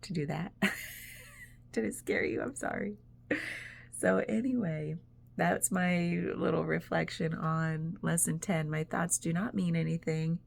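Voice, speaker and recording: Gravelly, low-voiced woman vlogger. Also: slow pace. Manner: rambling, chatty, laughs often, many "like"s. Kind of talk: casual reflective monologue.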